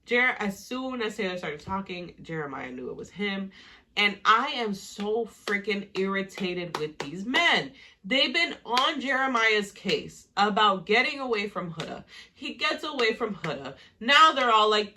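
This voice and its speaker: Bright-voiced woman ranting casually. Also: mid-range voice, sing-song, measured pace. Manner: heated, profane, exasperated ranting. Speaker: reality TV recap vlogger. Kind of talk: casual reaction commentary.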